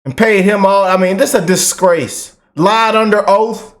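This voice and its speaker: A man hosting a reaction channel, talking casually and excitedly to his viewers in fast bursts. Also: sits high. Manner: excited, animated, talks fast in bursts, drawls slow commands. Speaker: commentary channel host.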